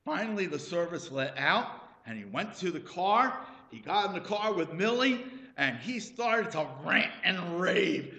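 A male pastor preaches in a high, bright voice, unhurried and deliberate. He spins folksy stories and asks the congregation questions. His words echo around a roomy church. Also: big pitch swings. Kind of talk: sermon.

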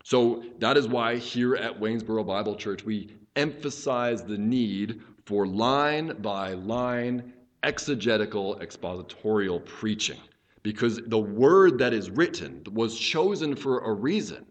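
A man's voice: lowish voice, lively intonation, a little slow. A man preaching an expository teaching sermon as a pastor, explaining earnestly and often restarting his phrases as he thinks aloud.

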